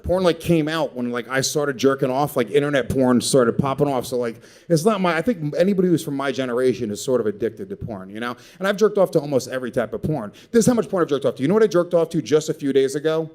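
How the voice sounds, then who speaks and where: A man doing a stand-up comedy set, brash and profane with a deadpan edge. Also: mid-range voice, fast, hardly any pauses. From Puerto Rico. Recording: live club set with a laughing crowd. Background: audience laughter.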